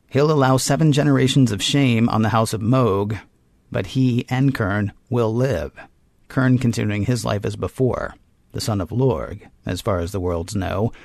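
A man co-hosting a podcast, recapping a story in a wry, quick way with asides. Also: mid-range voice, creaky, a little mellow, no room sound, studio quality. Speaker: podcast co-host. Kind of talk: casual chat and episode recap.

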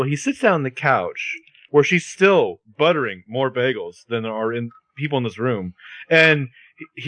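A man's voice: mid-range voice, fairly bright tone, no echo. A man co-hosting a casual podcast, joking with wry asides while recapping a show. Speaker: podcast co-host recapping a TV episode. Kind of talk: casual chat.

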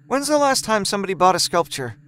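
A man's voice: high voice, sing-song, quick pace, a bit bright, pitched above the performer's own voice. A man voicing a worried, insistent wife. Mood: worried, pressing. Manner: anxious, insistent, reproachful. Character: worried adult wife pressing about money. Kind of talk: audiobook dialogue reading.

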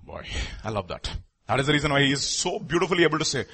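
Man, sermon, lively swooping delivery, raspy edge, repeats himself. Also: medium pitch, fast talker. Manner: animated, rhetorical questions, repeats phrases. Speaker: preacher.

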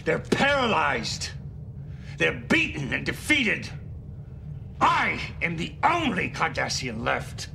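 Gul Dukat: a brooding, gravelly alien commander. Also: male voice, on the high side, huge pitch swings, sharp tone, full character voice. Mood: brooding defiant. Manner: slow, brooding, defiant speech. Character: proud, bitter Cardassian military commander. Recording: TV clip with clear background noise.

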